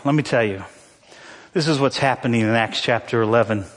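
A man's voice: mid-range voice, brisk. A pastor preaching a sermon in a church, conversational and joking, laughing often as he tells stories. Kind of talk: sermon with humorous storytelling. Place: church sanctuary. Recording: long reverb in a large hall.

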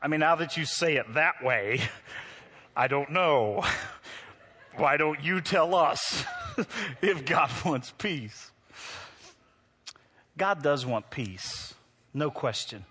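A male pastor preaching a sermon to his congregation. He swings between loud, lively moments and hushed ones, and teases his listeners as he talks straight to them. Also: on the high side, slow, long pauses, breathy edge.

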